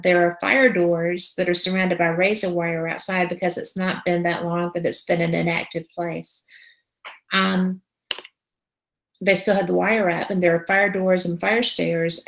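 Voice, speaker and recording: A woman who is a paranormal investigator, telling a story as a guest in a casual interview. She is animated and acts out the conversations she describes. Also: on the low side, reverberant, low-quality recording. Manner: animated, re-enacting conversations as she tells them.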